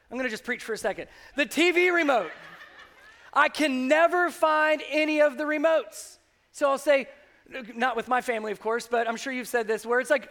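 A man's voice: very high-pitched, a little fast. A man, a pastor, preaching a sermon and acting out the voices he quotes. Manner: animated, acts out quoted voices.

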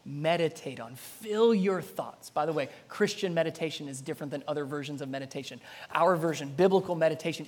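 A pastor delivers a dramatic sermon, swinging between loud passages and soft ones. His voice is mid-range with a breathy edge.

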